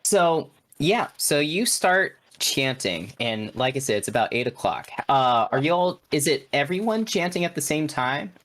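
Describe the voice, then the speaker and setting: A man running a tabletop horror game as game master, narrating loosely with frequent fillers. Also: fairly high pitch. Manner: relaxed, halting narration with many fillers.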